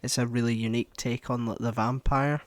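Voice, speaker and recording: A man's voice: mid-range voice, fairly even intonation, no echo. Hesitant man, close dry mic. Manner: hesitant, laughing, halting phrasing. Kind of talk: casual chat.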